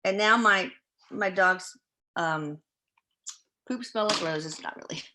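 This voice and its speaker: Woman, podcast host, casual live chat, relaxed, chatty, fumbles names. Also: mid-range voice, takes it slowly, a little hiss or hum. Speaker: podcast host reading viewer questions.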